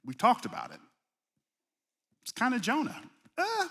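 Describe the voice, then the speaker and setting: A middle-aged male pastor preaching a sermon in a conversational way, mixing family stories with sharp emphasis and quiet, low asides. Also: huge pitch swings, measured pace, creaky, breathy edge. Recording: live sermon in a reverberant hall.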